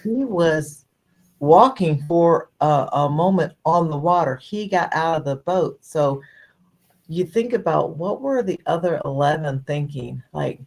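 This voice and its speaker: A woman with a very deep, gravelly voice muses thoughtfully in a casual faith podcast chat. She talks loosely, with many fillers. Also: expressive, unhurried, a little mellow. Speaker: podcast co-host.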